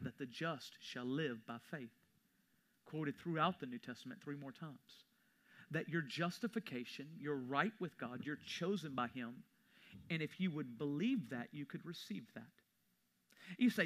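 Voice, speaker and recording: Bright-voiced pastor preaching. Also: male voice, on the high side. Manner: conversational storytelling, rising to emphatic preaching. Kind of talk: sermon. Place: church sanctuary.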